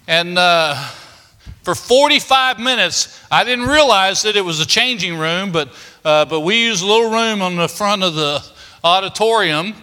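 An older man, his voice high and very bright. He tells stories in a folksy, homespun way, with many "uh" fillers. His words ring with the long reverb of a big church hall. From Kentucky, United States. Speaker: preacher. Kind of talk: storytelling sermon.

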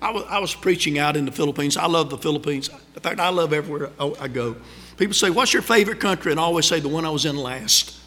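A middle-aged man with a drawl preaches in a folksy, conversational way, spinning stories from the pulpit. His voice is bright and forceful, sitting a little high for a man. It rings out with a long hall reverb. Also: fast talker. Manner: folksy, conversational, animated storytelling. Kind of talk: storytelling sermon.

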